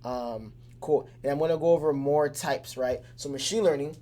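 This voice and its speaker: A man's voice: a little high, moderate pace, warm tone. A man giving a casual, conversational lesson that breaks the topic down with everyday examples. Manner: loose and conversational, with many fillers and restarts; keeps things simple with everyday examples. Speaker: teacher.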